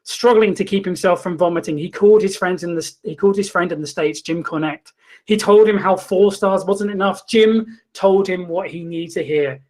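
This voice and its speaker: A man hosting a comedy show, reading a mock-documentary story in a deadpan, mock-dramatic way. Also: high voice, moderate pace. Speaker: comedy host. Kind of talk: mock-documentary comic narration.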